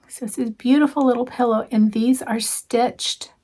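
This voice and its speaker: Home craft vlogger, woman; unhurried, gravelly, gushing show-and-tell with soft asides. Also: a little high. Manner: chatty, gushing, with frequent ums and soft asides. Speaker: cross-stitch vlogger. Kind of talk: casual show-and-tell chat.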